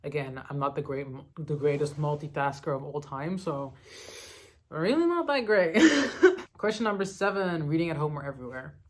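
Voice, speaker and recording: A woman's voice: sits low, fairly even intonation, brisk, hardly any pauses. A young woman from the Netherlands chatting casually as a book vlogger, answering questions with lots of fillers and little laughs. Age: young adult. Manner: chatty, many "like" fillers, giggly asides. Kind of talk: casual chat answering a reading tag.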